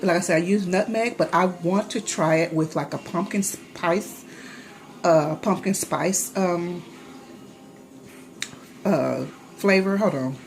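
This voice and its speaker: A woman vlogger chatting casually to the camera while taste-testing her baking, rambling with many fillers. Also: fairly low pitch. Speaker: vlogger, home baker.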